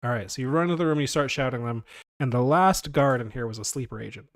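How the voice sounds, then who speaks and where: A man runs a tabletop game in an easygoing way, often laughing and restarting his sentences. His voice sits at a middle pitch, and the sound is close and dry with little room in it. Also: fast, no room sound. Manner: casual, laughing, lots of fillers and restarts. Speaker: game master.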